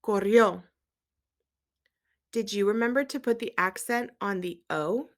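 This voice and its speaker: A woman teaching a Spanish lesson, quizzing viewers and gently checking their accent marks as she switches between English and Spanish. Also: medium pitch, moderate pace. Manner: asks quiz questions and gently checks accents. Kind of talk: recorded language lesson.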